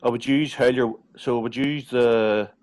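A man's voice: mid-range voice, steady tone, normal speed, a little mellow. A man from Northern Ireland with a Northern Irish accent, a podcast guest explaining local slang in a laid-back, laughing way. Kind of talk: casual podcast chat.

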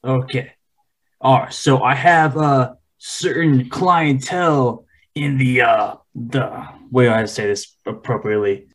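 A man playing in a tabletop game, joking and halting, repeating words as he goes. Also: medium pitch, a bit bright. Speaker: player. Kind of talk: casual tabletop play.

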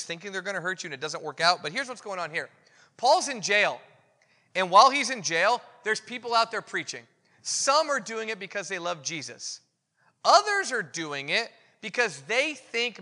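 A man with a high, sharp-edged voice preaches in a relaxed, conversational way, candid and poking fun at himself. The sound rings with the long reverb of a big hall. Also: moderate pace. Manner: candid, self-deprecating, animated storytelling. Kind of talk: conversational sermon.

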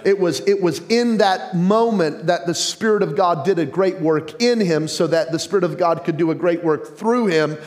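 A male pastor preaching a sermon with growing passion, sometimes building to a yell, with joking self-deprecating asides. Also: high-pitched, moderate pace, few pauses.

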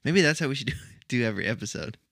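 A man's voice: medium pitch, expressive, rapid-fire, fairly bright tone, no room sound, clean studio sound. A man co-hosting a podcast in casual chat, easygoing and wry, often agreeing with his co-host.

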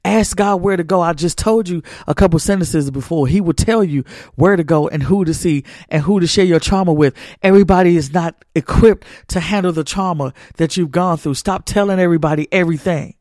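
A man's voice: on the high side, a little fast, hardly any pauses, darkish tone, dry recording, clean studio sound. A man hosting a faith talk, exhorting listeners with repeated, sermon-like phrasing. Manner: exhorting, repetitive, folksy Southern-church phrasing. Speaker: podcast host. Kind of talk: preachy motivational talk.

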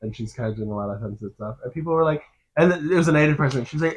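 A man co-hosting a casual podcast chat, animated and laughing as he retells scenes, saying "like" a lot. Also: a little high, very fast, husky. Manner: animated, laughing storyteller who says "like" a lot. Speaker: podcast co-host.

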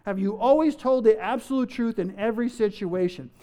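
A man's voice: high-pitched, fairly quick, warm tone. A man preaching a sermon, firing rhetorical questions at his listeners and playfully acting out everyday remarks. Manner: fires rhetorical questions at the audience; playful, acts out everyday quotes, chuckles.

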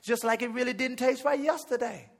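A man pastor telling a comic story in a sermon, animated and shouting at the high points. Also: brisk, creaky.

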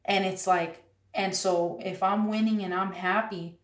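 Woman, casual storytelling, animated, says "like" a lot, mid pitch, roomy, off-mic. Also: unhurried, distant mic. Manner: animated, heavy use of "like". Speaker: guest artist.

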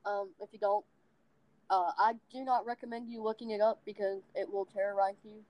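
A woman's voice: mid-range voice, steady tone, brisk, darkish tone, low-quality recording. A woman from the American South with a Southern accent, chatting casually as a podcast co-host and rambling with frequent asides. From Southern United States. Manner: rambling, self-deprecating, many ums and anyways. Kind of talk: casual chat.

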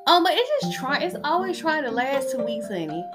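A young woman hosts her own podcast, delivering a casual solo monologue over music. Her delivery is soft and low-key yet very animated and fairly quick, with blunt, opinionated, slangy asides.

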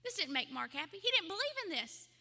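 A woman's voice: very high-pitched, big pitch swings, fast, bright, forceful tone, big-room sound. A woman pastor preaching a sermon in a church sanctuary, telling stories with emphasis and driving home repeated phrases.

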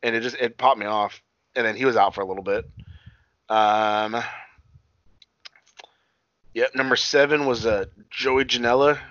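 A man rambles through a loose, profane recap, stumbling over fillers and restarts. His voice is bright and forward. The sound is dry and a little dull, as if from a modest home mic. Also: medium pitch, steady tone, a little slow, long pauses, dry recording. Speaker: podcast co-host recapping wrestling. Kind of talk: casual chat.

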